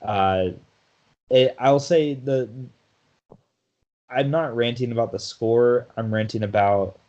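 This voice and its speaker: A man's voice: medium pitch, slow, darkish tone, muffled recording. A man co-hosting a sports podcast in casual chat, talkative, often laughing and restarting his sentences. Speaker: podcast co-host.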